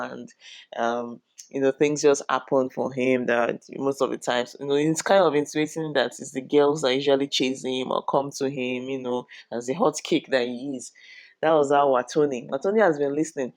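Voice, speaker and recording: A woman's voice: rumbling low, fairly even intonation, moderate pace, darkish tone, dry recording, clean studio sound. A woman, retelling reality show drama in a chatty, dramatic gossip style. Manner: chatty, dramatic retelling with frequent "you know". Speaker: reality show recap vlogger. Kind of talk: casual gossip recap.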